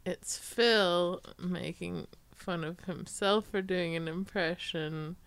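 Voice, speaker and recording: A woman's voice: fairly low pitch, takes it slowly, gravelly, clear, resonant tone, no room sound. A woman co-hosting a podcast in casual chat, making dry, wry remarks. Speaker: podcast co-host.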